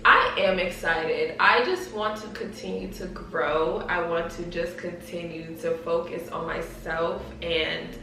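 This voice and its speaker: A woman's voice: on the low side, fairly even intonation, measured pace, hardly any pauses, slight background noise. A young woman chatting casually to camera in a Q&A vlog, laughing often and using many fillers. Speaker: vlogger. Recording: echoey room, somewhat far from mic, soft music behind.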